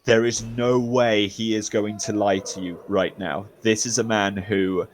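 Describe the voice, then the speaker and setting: Man, dungeon master, low voice, relaxed narration, faint hiss. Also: a little slow. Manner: relaxed descriptive narration with restarts. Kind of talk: narrating a tabletop game.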